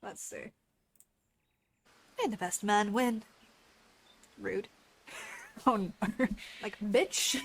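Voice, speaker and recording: A woman's voice: medium pitch, big pitch swings, very slow, long pauses, soft background music. A woman streamer chatting casually to her viewers while playing, laughing often and poking fun at herself. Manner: self-deprecating, laughs often, talks to chat. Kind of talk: casual gameplay commentary.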